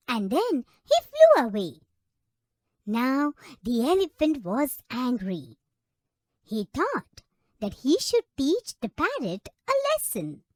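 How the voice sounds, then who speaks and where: High, sing-song woman storyteller. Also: no room sound, clean studio sound. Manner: slow, expressive and sing-song. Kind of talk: children's story narration.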